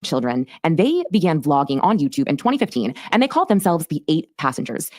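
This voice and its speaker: A woman hosts a true crime recap podcast, talking quickly and emphatically. Her voice sits low but swings widely in pitch. The sound is dry and close. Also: very animated, a little mellow, no echo. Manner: fast, emphatic storytelling. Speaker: podcast host.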